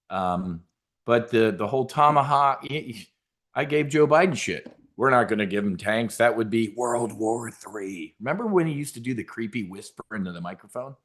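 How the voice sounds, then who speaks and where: A middle-aged man hosting a trading show, giving blunt, profane, rambling live market commentary. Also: medium pitch.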